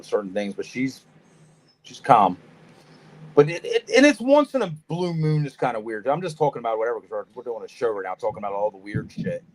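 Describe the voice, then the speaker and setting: A man's voice: mid-range voice, darkish tone. A man tells stories on a casual reptile podcast. He swears often and acts out each quote. His voice jumps around a lot as he gets worked up. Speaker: podcast co-host, snake breeder. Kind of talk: casual storytelling chat.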